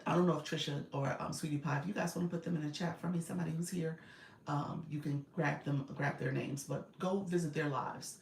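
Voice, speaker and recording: A chatty, direct woman in her forties coaches her viewers live, with a gravelly edge that shows up often in her speech. She sits inside a car, and the cabin gives her voice a roomy echo. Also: low voice, steady tone, brisk, darkish tone, slight background noise. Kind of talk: casual livestream coaching.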